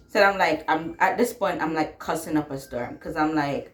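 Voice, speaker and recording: A woman's voice: sits low, normal speed, few pauses, echoey room, slight background noise. A young woman casually telling a personal story, blunt and sassy, swearing freely and laughing as she talks.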